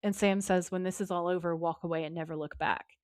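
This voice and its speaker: A woman co-hosting a podcast, retelling a TV episode with lively quoted lines in casual chat. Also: fairly low pitch, fast, no room sound, studio quality. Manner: lively retelling, quoting characters in her own voice. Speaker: podcast co-host.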